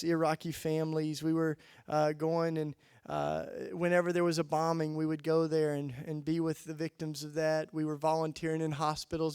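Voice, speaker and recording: Impassioned man preaching, smooth clear voice. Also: dry recording, studio quality. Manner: storytelling, builds to loud emphatic peaks then drops low. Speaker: keynote speaker. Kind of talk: impassioned keynote sermon. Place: conference hall.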